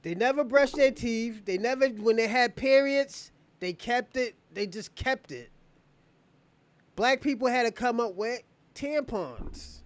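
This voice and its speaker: A livestream host with a very high voice speaks at a measured pace, delivering heated commentary and mockingly taunting viewers, often breaking into laughter.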